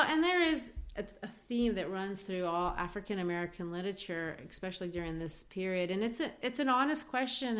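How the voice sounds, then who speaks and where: A woman co-hosts a podcast, discussing a play in a thoughtful, casual manner and reading quotes aloud with small shifts in her voice. Her voice is mid-range and fairly bright.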